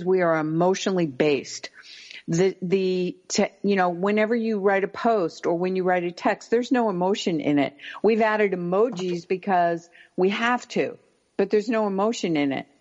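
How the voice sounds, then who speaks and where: A woman talks with earnest emphasis as a parenting expert, her sentences sometimes restarting mid-thought. Her voice sits a little low. The recording is muffled and lo-fi. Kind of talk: conversational podcast talk. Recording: dull lo-fi recording.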